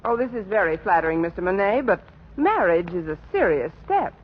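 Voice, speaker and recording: An actress playing a dry, sarcastic schoolteacher in 1940s radio acting. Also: female voice, lowish voice, very animated, fairly quick. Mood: wry. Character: wisecracking schoolteacher woman, dry and sardonic. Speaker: teacher. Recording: dull old radio broadcast with faint hiss.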